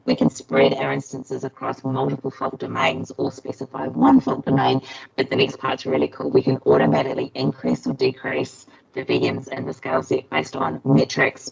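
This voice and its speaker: A woman's voice: rumbling low, gravelly. A woman presenting tech updates in a casual webinar, enthusiastic and chatty with frequent fillers, speaking through a headset on a video call. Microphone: headset, later computer microphone. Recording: dull, lo-fi video-call audio.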